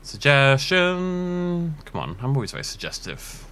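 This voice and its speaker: Casting: man from the Isle of Man, let's play host, lively and animated, musing aloud. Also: mid-range voice, a little slow, background noise. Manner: rambling, thinking aloud, chuckling. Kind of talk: casual gameplay commentary.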